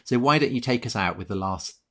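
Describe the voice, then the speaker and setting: A man's voice: mid-range voice, animated, fast, sharp tone. A man co-hosting a history podcast, talking casually with many hesitations, fillers and restarts. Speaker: podcast co-host. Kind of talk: casual conversational history chat.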